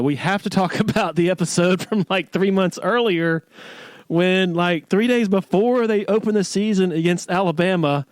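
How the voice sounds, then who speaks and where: Animated man laughing through sports stories. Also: a little high, no room sound. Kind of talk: casual storytelling chat.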